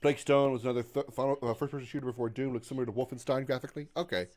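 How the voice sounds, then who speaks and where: A man's voice: mid-range voice, steady tone, racing. A man in his thirties casually chatting with viewers on his gaming livestream, sarcastic and swearing, reading chat aloud and yelping when his character is in danger. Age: 30s. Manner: yelps loudly when in danger in the game.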